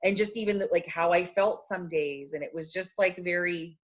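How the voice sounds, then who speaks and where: A woman co-hosting a podcast, chatting casually and telling animated stories about her life. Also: on the low side, moderate pace, dull audio. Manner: chatty, animated storytelling with acted quotes. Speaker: podcast co-host. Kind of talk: casual chat.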